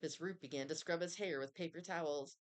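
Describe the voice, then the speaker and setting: A woman reading a children's chapter book aloud in an expressive storytelling manner. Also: deep voice, fairly quick. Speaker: reader.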